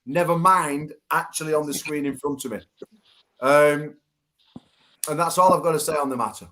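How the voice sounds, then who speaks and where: A man hosts a rowdy online chat show over a video call. He teases his guests and swears freely, his voice sitting a little high for a man. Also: moderate pace, slight background noise. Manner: teasing, swearing, laughing loudly. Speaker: show host.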